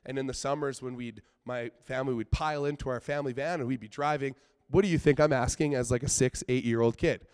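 A man preaches a sermon in a chatty, earnest manner, peppering his talk with "like". His voice is smooth and clear, at a middling pitch for a man. The sound is dry and close, with no room echo. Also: fairly even intonation, quick pace. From British Columbia, Canada. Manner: earnest, conversational, with frequent filler "like"; swings between soft, quiet asides and loud, emphatic outbursts.

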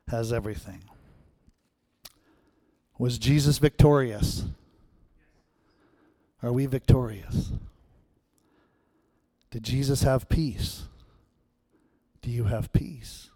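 A man's voice: mid-range voice, slow pace, long pauses, warm tone, dry recording. A man preaching a sermon, telling a story and asking the congregation repeated rhetorical questions.

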